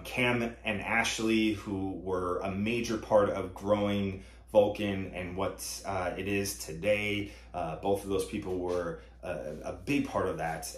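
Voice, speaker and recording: A man's voice: sits low, reverberant. A man who runs a comedy company, giving an earnest live-streamed announcement full of thanks.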